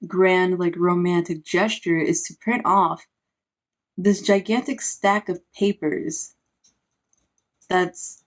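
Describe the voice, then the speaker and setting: A woman, a parent, giving a casual, sarcastic recap of a book, full of "like" fillers. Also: mid-range voice. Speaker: book reviewer.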